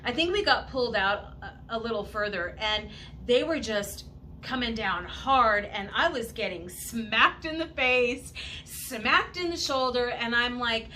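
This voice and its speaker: A woman telling a casual personal story in an animated way, laughing often and acting out what people said. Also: fairly high pitch, a little slow, slight background noise. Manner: animated, laughing often, acts out quoted voices.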